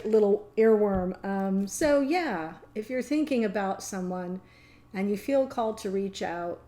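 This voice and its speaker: Middle-aged lady doing a tarot reading, kinda high voice, rambly and chatty, laughs a lot. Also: mellow. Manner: chatty, meandering, gets emotional and laughs. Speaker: tarot reader. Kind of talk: casual tarot reading to camera.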